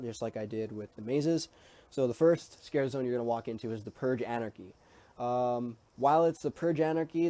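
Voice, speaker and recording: Rambling man with a mellow voice. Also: mid-range voice. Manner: rambling and hesitant, with many ums and restarts; easygoing and chatty. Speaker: vlogger. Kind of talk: casual talk to camera.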